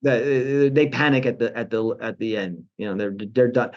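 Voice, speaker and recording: Animated man on a dull lo-fi line. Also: mid-range voice, moderate pace. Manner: animated, restarts often, mocking quotes. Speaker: guest, portfolio manager. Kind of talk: financial interview.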